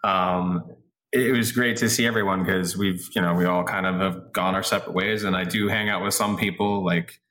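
A man's voice: low-pitched, steady tone, normal speed, fairly bright tone. A man being interviewed as a guest, talking in a rambling, self-deprecating way. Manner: rambling and self-deprecating, with many fillers and restarts. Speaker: guest actor. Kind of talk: casual interview chat.

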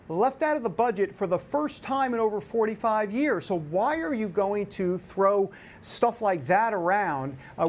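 A man hosting a news talk show, giving opinionated commentary in an animated, exasperated way, with many fillers and restarts. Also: sits high, slight background noise.

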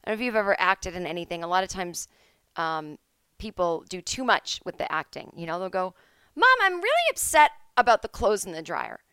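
A woman's voice: on the low side, fairly bright tone, clear, resonant tone, dry recording, clean studio sound. A woman hosting a podcast from home, telling comic stories in a casual monologue and acting out the people she quotes in shifting voices. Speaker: podcast host.

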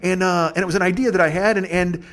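A man hosting a podcast in casual chat, ranting with profanity and self-deprecation, his loud emphatic bursts dropping to mumbles. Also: high voice, steady tone, fast. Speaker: podcast host.

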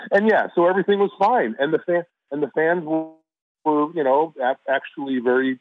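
A man's voice: on the high side, normal speed. A man from Chicago, an actor being interviewed, telling stories casually and rambling with fillers and restarts over a call. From Chicago, USA. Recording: tinny phone-like line.

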